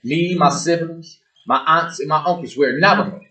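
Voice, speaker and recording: A man's voice: a little high, moderate pace, sharp tone, low-quality recording. A man hosting his own show, delivering a blunt, emphatic rant straight at his listeners and hammering his points with repetition. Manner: preachy, addresses listeners directly. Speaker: show host. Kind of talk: ranting monologue to the audience.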